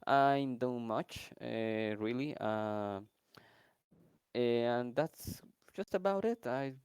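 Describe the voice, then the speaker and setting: A man's voice: medium pitch, darkish tone, clean tone, dry recording. A man guest player introduces himself shyly, rambling a little and laughing easily. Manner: shy, unhurried, laughs easily. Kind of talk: casual chat.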